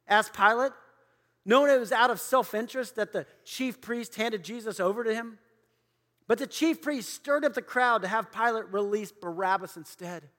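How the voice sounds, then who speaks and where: A man's voice: high-pitched, normal speed, a bit bright, in a large hall. A man preaching a sermon in a church, dramatically acting out the voices of biblical figures. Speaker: pastor. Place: church auditorium.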